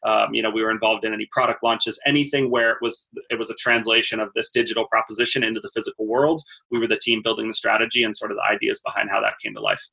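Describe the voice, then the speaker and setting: A man's voice: on the low side, quick pace, creaky, few pauses, slightly rough. A man in his thirties, a podcast guest, talking casually about his work and repeating words as he finds his thoughts. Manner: repeats words as he thinks, steady storytelling. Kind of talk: casual interview talk.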